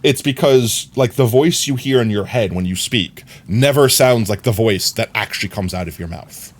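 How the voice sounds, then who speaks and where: A man livestreaming, chatting casually with his viewers in an animated, filler-heavy way. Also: lowish voice, moderate pace.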